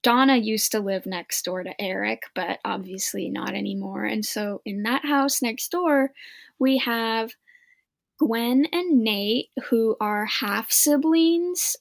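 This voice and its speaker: A young woman co-hosting a podcast, chatting casually in a slow, measured way. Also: fairly high pitch, creaky, dry recording. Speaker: podcast co-host. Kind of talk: casual review chat.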